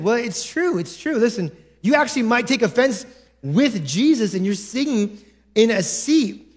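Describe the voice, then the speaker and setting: A male pastor preaching a sermon in church, animated, acting out quoted voices with many restarts. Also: extremely high pitch, moderate pace.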